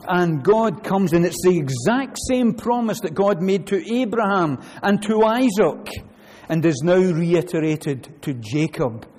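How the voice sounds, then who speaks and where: A man preaching a sermon, animated, moving between loud emphasis and quiet asides. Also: high-pitched, slight background noise. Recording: long hall reverb.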